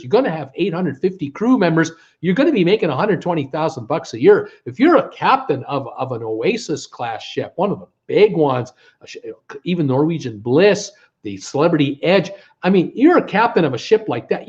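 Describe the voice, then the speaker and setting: A man's voice: on the high side, very animated, normal speed, highs cut off. A middle-aged Canadian man hosting a casual live travel vlog, folksy and exasperated, with lots of filler words. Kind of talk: casual live-stream chat.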